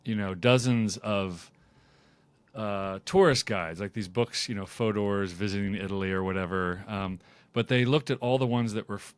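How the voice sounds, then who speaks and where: A man's voice: fairly low pitch, clean tone, no room sound. An American man hosting a podcast, chatty and anecdotal in casual conversation. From United States.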